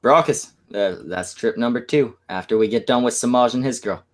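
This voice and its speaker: A man's voice: medium pitch, moderate pace. A man in casual group chat, bantering with wry jokes.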